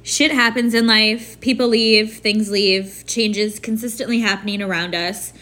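A woman hosting a solo podcast, talking through her feelings in a candid, casual way, with lots of "like" and "you know". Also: mid-range voice. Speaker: podcast host. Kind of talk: reflective solo podcast monologue.

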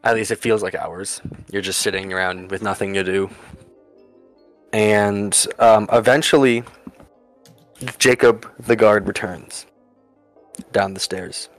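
A man's voice: lowish voice, fairly even intonation, slow, pauses often, no room sound, faint music behind. A man narrating a tabletop game as game master, with many restarts and fillers.

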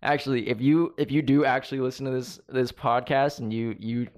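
A man's voice: medium pitch, steady tone, a little fast. A male podcast co-host with a mid-range voice, chatting loosely with his partner. He swears casually and breaks into laughter often, keeping the tone playful and irreverent. His talk is jokey banter rather than any scripted delivery.

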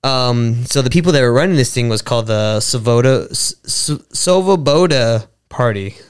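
A man hosting a laid-back podcast with a smooth, clear voice at a middle pitch. He reads from his notes, stumbling over foreign names and shrugging them off as he goes. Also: brisk. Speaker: podcast host. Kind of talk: casual podcast chat, reading notes.

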